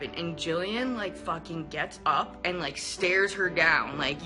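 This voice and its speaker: A young woman vlogger candidly retelling a personal story to camera, animated and profane, acting out what people said. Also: on the low side, moderate pace, few pauses, faint music behind.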